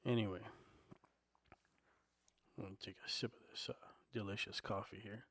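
Low-voiced man ranting with constant "you know". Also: steady tone, a bit bright, no echo. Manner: profane, heated, fills every pause with "you know". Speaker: podcast host. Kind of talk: casual solo podcast rant. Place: home desk. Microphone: desktop microphone and recorder.

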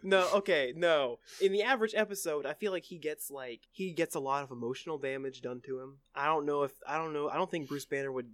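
Male co-host, higher pitch, dry close recording, contrarian. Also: fairly bright tone, dry recording. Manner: argumentative, quick to contradict. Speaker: podcast co-host. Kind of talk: casual chat.

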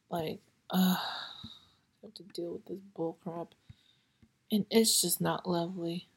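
A sick young woman hosting her podcast, hoarse and tired, often slipping into a whisper as she talks with halting, frustrated swearing. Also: on the low side, steady tone. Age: young adult. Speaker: podcast host. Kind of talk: casual solo podcast chat.

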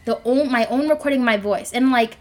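A young woman in her twenties whose high, girlish voice sits a little above most women's. She rambles in a self-conscious, chatty way, full of fillers, as she records a solo podcast alone in her bedroom. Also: brisk. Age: 20s. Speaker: podcast host. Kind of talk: solo podcast monologue, casual chat. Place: home bedroom. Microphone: microphone.

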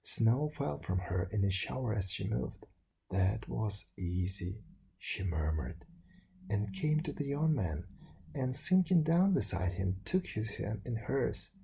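Guy reading a folk story, slow, dark gravelly husky voice. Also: medium pitch, lively intonation, slight background noise. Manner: slow, measured, hushed storytelling. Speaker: narrator.

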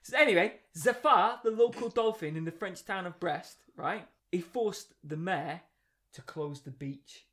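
Animated man telling stories. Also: high-pitched, a little slow. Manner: animated storyteller, laughing often. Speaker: podcast co-host. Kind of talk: casual chat.

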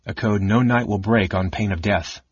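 A man voicing a blunt, worried warrior general with a gruff, low manner. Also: normal speed, dry recording, highs cut off. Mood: grim.

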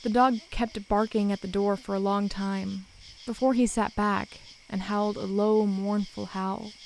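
Woman narrator, mid-pitched voice, steady and measured, for a first-person horror tale. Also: slight background noise, low-quality recording.

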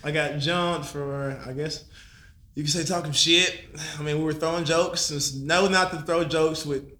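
A man's voice: on the high side, steady tone, moderate pace, bright, forceful tone, roomy sound. A man casually telling a story on a podcast, laid-back and slangy, laughing and swearing as he goes. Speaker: podcast guest.

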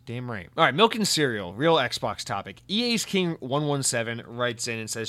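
A man's voice: medium pitch, lively intonation, normal speed, hardly any pauses, pushed and bright. A man hosting a solo podcast, reading listener comments and ranting in a sarcastic, mock-serious way. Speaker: podcast host.

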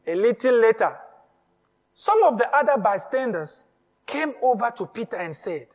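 Male pastor with a very high voice, emphatic and repetitive sermon delivery, recorded with dull sound in a big reverberant hall. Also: very animated, normal speed. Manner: emphatic preaching, repeats phrases, builds to shouts.

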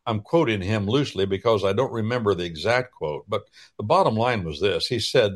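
A man with a lowish voice hosts a radio talk show. He explains things in a folksy, preacherly way and leaves drawn-out pauses as he gathers his words. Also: animated. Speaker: radio host.

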